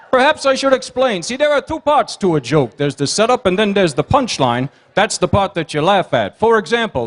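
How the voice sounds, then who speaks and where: High-voiced man telling stand-up jokes. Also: fairly bright tone. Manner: rapid one-liners with teasing crowd work. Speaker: comedian and emcee at a gala dinner. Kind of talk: stand-up joke routine. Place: banquet hall.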